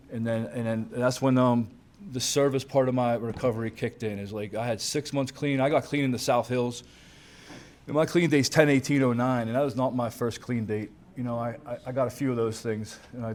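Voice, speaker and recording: A man's voice: medium pitch, a little mellow, slight background noise. A man in his thirties or forties gives a casual, candid recovery talk at a banquet, full of "man" and "dude" and the odd swear. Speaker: banquet speaker at a recovery conference. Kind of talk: personal recovery talk to a crowd. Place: banquet hall with a crowd.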